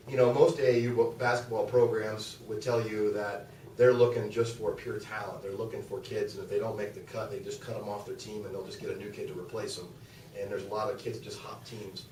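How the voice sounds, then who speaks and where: A man's voice: fairly low pitch, a little hiss or hum. A middle-aged man speaking as a guest speaker to a club, telling stories in a folksy, rambling way with many restarts. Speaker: guest speaker, youth basketball coach. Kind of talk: casual storytelling speech to a club. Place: meeting room, speaking to an audience. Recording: echoey room, voice from far off.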